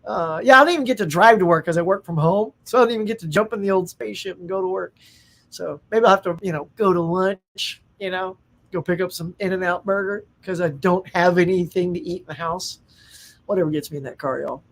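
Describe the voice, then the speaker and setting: A man's voice: sits high, a little fast, gravelly. A middle-aged man from the United States hosting a casual live stream, chatting and reading out viewer comments with enthusiasm and frequent laughs. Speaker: host.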